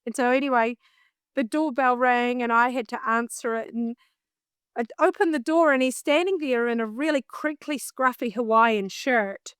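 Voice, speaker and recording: A woman with a New Zealand accent, a singer telling a story in an interview in an animated way, often laughing at herself. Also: fairly high pitch, normal speed, clean tone, dry recording, clean studio sound. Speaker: singer and vocal coach, guest.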